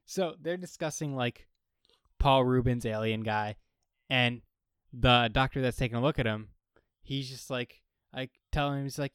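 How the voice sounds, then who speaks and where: A man's voice: medium pitch, moderate pace, clear, resonant tone, no room sound, studio quality. A man co-hosting a casual chat, recapping a TV episode and acting out the characters' lines. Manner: animated, acts out characters' lines. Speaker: podcast co-host.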